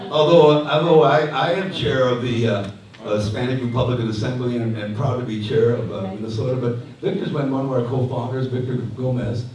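A man moderating a panel at a conference, introducing the speakers with joking asides and many restarts. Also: medium pitch. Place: community hall. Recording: echoey hall from far off, faint noise.

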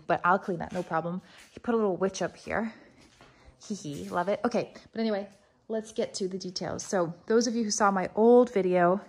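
A woman vlogging as she walks through her renovated farmhouse, talking fast and excitedly in a casual, chatty way. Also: mid-range voice. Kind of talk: casual walk-through vlog.

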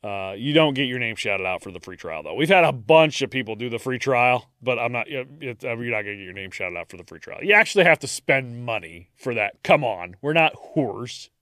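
A man with a Midwestern American accent co-hosting a podcast, joking and laughing as he reads shout-outs. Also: expressive, a little fast, hardly any pauses, no room sound, studio quality. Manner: jokey, laughs a lot, swings pitch widely. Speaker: podcast co-host. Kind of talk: casual podcast chat with plugs.

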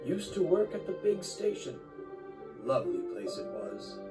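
A man voicing a kindly but worn-out old male tender engine who speaks in a warm, tired tone. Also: medium pitch, sing-song, measured pace, far from the mic, pitched above the performer's own voice. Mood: warm weary. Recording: loud background music.

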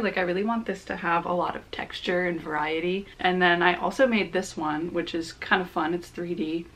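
A young woman crochet vlogger chatting casually while unboxing, gushing and excitable with gasps and giggles. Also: lowish voice, gravelly.

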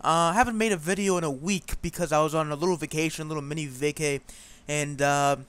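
Rambling man with a higher voice. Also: steady tone, fast talker, fairly bright tone, clean tone. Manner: rambling, chatty, lots of fillers. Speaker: gaming channel host. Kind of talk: let's play commentary.

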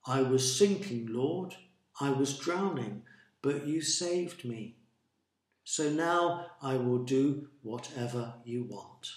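A man's voice: medium pitch, lively intonation, takes it slowly, echoey room. A man voicing Jonah, a sulky male prophet who groans and complains as he speaks. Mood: prayerful.

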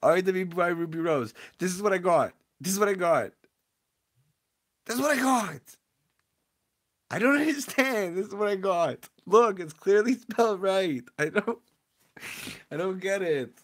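A man's voice: sits high, expressive, unhurried, pauses often. A young man live-streaming, reading his chat and opening card packs, confused and laughing, often repeating himself.

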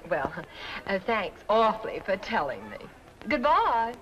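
An actress in a 1940s film playing a witty young model who speaks in a wry, sharp-tongued way. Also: female voice, medium pitch, very animated, a little slow, highs cut off, a little hiss or hum. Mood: suspicious. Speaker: advertising model.

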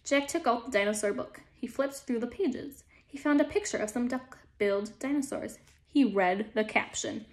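A teacher with a gentle, calm manner reading a children's storybook aloud. The woman's voice sits a little high, and she paces the story steadily for young listeners. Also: normal speed.

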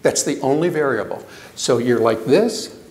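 An older man giving a lecture, animated, asking the audience questions and repeating himself for emphasis. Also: mid-range voice, normal speed, roomy sound. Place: lecture hall.

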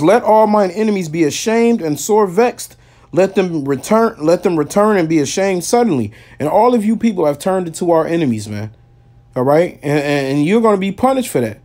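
Man preaching, emphatic street sermon, slightly high-pitched. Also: darkish tone. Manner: emphatic, repeats "man" and "y'all", reads verses aloud. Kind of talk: street sermon with scripture reading.

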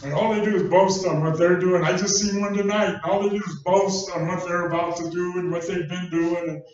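A man with a high voice preaches a sermon, talking in a folksy, conversational storytelling way. He is recorded from a distance in a very echoey church hall. The sound is dull and muffled. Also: fairly even intonation, moderate pace. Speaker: pastor.

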